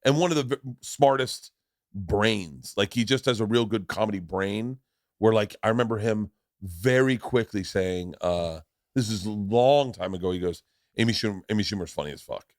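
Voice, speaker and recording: A man's voice: lowish voice, normal speed, no echo. A man in his forties from Florida, hosting a podcast in casual chat and telling stories with acted-out voices and lots of swearing, on a studio mic. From Tampa, Florida. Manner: animated storyteller, acts out voices and swears freely. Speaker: podcast host.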